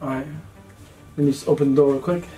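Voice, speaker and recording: A man in his twenties, a vlogger, talking in a playful, teasing and excitable way while pranking children. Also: medium pitch, fast talker. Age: 20s. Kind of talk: casual prank vlog. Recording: distant mic with faint music.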